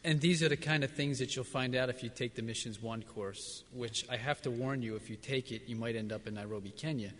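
A man's voice: medium pitch, a little fast, hardly any pauses, fairly bright tone. Earnest missionary man in a reverberant church. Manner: earnest, reflective, plainspoken. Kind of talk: church service interview answers. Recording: long reverb of a large hall.

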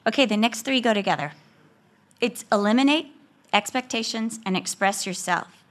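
A woman with a fairly high, bright voice tells a story about marriage in an animated, humorous way. She acts out every quoted line as she goes. She sounds like a speaker addressing a room of women. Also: normal speed.

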